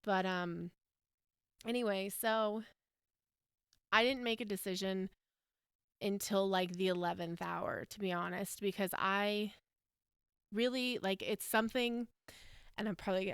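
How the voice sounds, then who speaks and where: With long pauses and an unhurried, steady delivery, a podcast host in her thirties from the US tells a personal story in a rambling, emotional, candid way, often laughing and using fillers. Her mid-range voice is fairly bright, clear and resonant, recorded in studio quality without echo.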